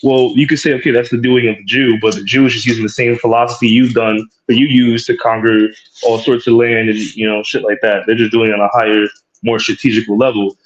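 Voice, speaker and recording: A man co-hosting a casual podcast, speaking in a rambling, relaxed, slangy way. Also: lowish voice, a little fast, highs cut off. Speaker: podcast co-host. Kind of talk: casual chat.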